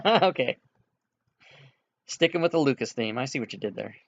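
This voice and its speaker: A man narrating as game master of a tabletop game, relaxed and reassuring toward his players, on a dull, dry lo-fi recording. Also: medium pitch, moderate pace, gravelly, no room sound. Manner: relaxed, reassuring, laughs easily.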